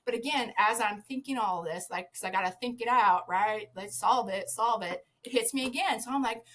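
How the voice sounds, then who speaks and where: Casting: upbeat woman, slightly high voice, chatty anecdote teller who cusses and laughs through it. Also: moderate pace. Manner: lively storyteller, swears freely, laughs often. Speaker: podcast guest, former zookeeper. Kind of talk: casual anecdote telling.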